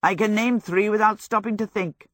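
A woman's voice: mid-range voice, steady tone, normal speed, a bit bright, no room sound, voice pushed up, lightly acted. Lady reading a dramatic vain young wizard guy, theatrical and grumpy, dry close sound. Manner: theatrical, irritable.

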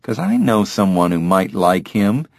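An easygoing young male shop clerk, chatty and friendly, voiced by a male narrator. The voice is lowish and unhurried, recorded close and dry. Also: sing-song, creaky, darkish tone, dry recording, heavily acted.

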